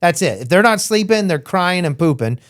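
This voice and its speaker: In a high-pitched voice at normal speed, a young former smuggler from Florida loosely talks through his past on an interview show. He is animated, and his voice jumps around as he plays out others' quotes. The audio is close and dry, without echo or room sound.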